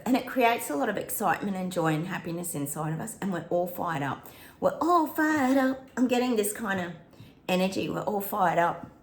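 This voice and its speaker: A woman's voice: mid-range voice, gravelly. Chatty woman in an echoey room. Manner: chatty, bursts into snatches of song, laughs often. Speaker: psychic channel host. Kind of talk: casual spoken predictions to viewers.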